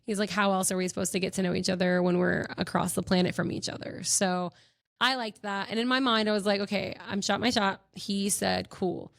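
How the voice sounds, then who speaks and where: A woman's voice: medium pitch, steady tone, a little fast, creaky, no room sound, studio quality. Giggly woman gushing in chat. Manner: bubbly, gushing storytelling with giggles. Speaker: podcast host. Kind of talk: casual chat.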